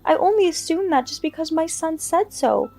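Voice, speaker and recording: A sharp-tongued older woman, played by a female narrator bristles and refuses any blame in this storybook drama. Her voice rides high and loud above a mellow tone. Soft music hums behind her. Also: lively intonation, moderate pace. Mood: defensive. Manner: shrill, defensive and indignant. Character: furious older woman, a scheming mother-in-law.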